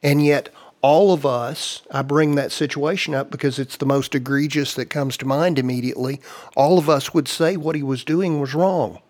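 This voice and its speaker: A man's voice: fairly high pitch, steady tone, moderate pace, darkish tone. A man hosting a casual discussion, explaining ideas earnestly and at length.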